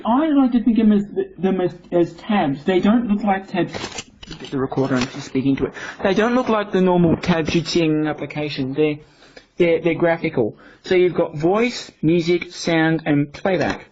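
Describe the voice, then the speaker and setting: A reviewer talks casually through a software demo in a steady, middle voice, often stopping to restart a phrase. The recording is dull and has a faint hiss behind it. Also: mid-range voice. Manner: explanatory, halting restarts. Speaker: product reviewer. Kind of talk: casual demonstration.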